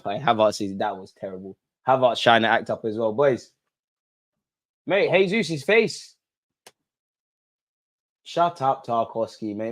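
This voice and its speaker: Young bloke hosting a live fan watch-along, excitable, yells at the ref, then mutters low. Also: male voice. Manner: excitable, shouting at the referee, swinging between loud outbursts and low muttering. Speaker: fan channel host.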